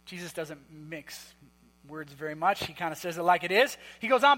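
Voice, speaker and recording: A man preaching a sermon in a church hall, conversational and emphatic, with quick asides. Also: sits high, pushed and bright. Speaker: pastor.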